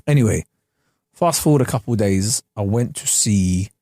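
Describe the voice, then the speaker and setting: A young man, co-hosting a podcast and telling a story in animated, slangy casual chat. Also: lowish voice, normal speed, dry recording, clean studio sound. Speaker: podcast co-host. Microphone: studio podcast mic.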